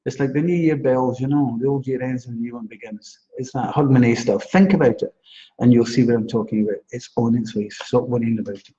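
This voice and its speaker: A chatty man doing psychic readings on a live stream, with a mellow, dark voice. He talks in a reassuring, laughing way. The sound is dull and low-fidelity. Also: brisk. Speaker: psychic astrologer.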